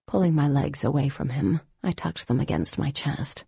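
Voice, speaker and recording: A woman narrating a first-person audiobook in a measured, intimate storytelling way. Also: low-pitched, animated, gravelly, dark tone, husky, no echo, lo-fi sound.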